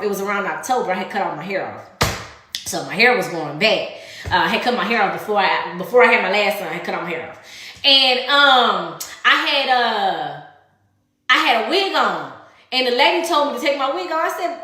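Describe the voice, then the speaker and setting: A woman's voice: fairly high pitch, lively intonation, fairly quick, fairly bright tone, very echoey. A woman telling a personal story in casual storytime style, blunt and full of profanity, acting out the voices of the people in it.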